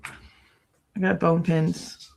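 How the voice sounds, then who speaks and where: A woman's voice: fairly low pitch, level tone, very slow, gravelly, darkish tone. A woman hosting a casual true crime livestream from home, exasperated and ranting, swearing loosely and thanking viewers between complaints. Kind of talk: casual livestream reaction chat. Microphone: no headphones, desk mic.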